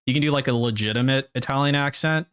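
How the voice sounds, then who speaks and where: A man's voice: mid-range voice, quick pace, a bit bright, clear, resonant tone. A man streaming and giving casual, wry reaction commentary with some swearing.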